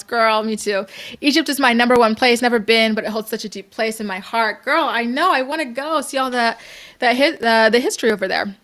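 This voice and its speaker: A woman's voice: a little high, a little fast, a bit bright. Chatty upbeat Canadian woman livestreaming. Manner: chatty and upbeat, lots of "like" and "girl". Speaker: livestream host. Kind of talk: casual chat reading viewer comments.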